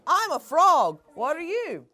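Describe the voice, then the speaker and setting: A woman's voice: very high-pitched, big pitch swings, slow pace, bright, forceful tone, pitched above the performer's own voice, exaggerated voice. A woman voicing a friendly, cheerful male frog in a children's picture book, with a bouncy, chatty way of talking.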